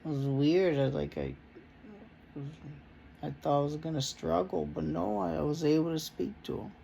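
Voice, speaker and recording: A man's voice: fairly high pitch, lively intonation, moderate pace, creaky, warm tone, slight background noise. A man recording a casual personal message to his partner, speaking earnestly and in a rambling way, with Spanish words mixed into his English. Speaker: vlogger addressing his partner.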